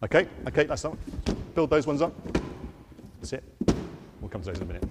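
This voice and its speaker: A man giving an all-age church talk, telling the story in a lively way to children and acting out the quotes. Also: medium pitch, fast talker, long reverb tail, background noise. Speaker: preacher. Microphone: wearing a microphone.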